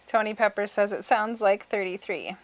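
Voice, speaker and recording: A woman's voice: mid-range voice, moderate pace, a loud crowd, poor audio. A woman co-hosting a livestream, reading viewer comments aloud and giggling often. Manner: giggly, reads out chat comments. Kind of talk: casual livestream chat.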